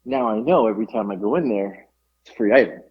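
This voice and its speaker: A man with a husky, slightly breathy voice, recounting a story in loose, animated podcast chat. The audio is dull and lo-fi, with the highs rolled off. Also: fast. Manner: animated storyteller, laughs often. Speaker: podcast co-host. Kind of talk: casual chat.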